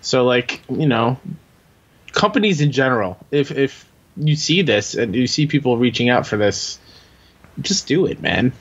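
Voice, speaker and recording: A man co-hosting a casual gaming podcast, speaking haltingly with frequent restarts. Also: medium pitch, expressive, husky. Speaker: podcast co-host. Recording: dull lo-fi mic.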